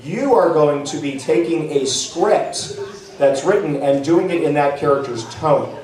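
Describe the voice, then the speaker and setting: A man's voice: on the high side, a little slow, a little mellow. A man giving a casual, rambling talk to a live audience at a convention panel, full of fillers and restarts. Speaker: panel presenter. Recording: echoey room, mic far off.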